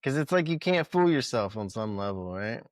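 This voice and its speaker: A man on a casual podcast who talks in a laid-back way, musing out loud and trailing off. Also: mid-range voice, sing-song, normal speed, dry recording, studio quality. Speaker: podcast co-host. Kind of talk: casual chat.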